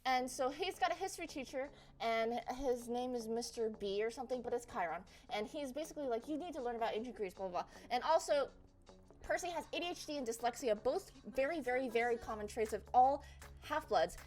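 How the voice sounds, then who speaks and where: High-voiced young woman, rambling comic recap. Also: lively intonation, soft background music. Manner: rambling, profane, filler-heavy, fast asides. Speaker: presenter. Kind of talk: casual comic slideshow recap.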